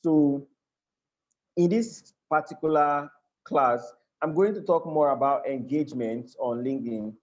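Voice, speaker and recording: Over a muffled video-call line, a man with a Nigerian accent leads a live online lesson in a medium-pitched, slightly mellow voice. He's earnest, often circling back to repeat or restart what he's saying, and he keeps checking on his audience.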